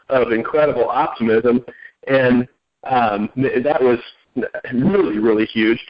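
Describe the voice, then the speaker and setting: A man hosting a conference call, talking in an upbeat way and often restarting his sentences. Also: medium pitch. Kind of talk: enthusiastic conference call talk. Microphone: telephone. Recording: lo-fi phone line.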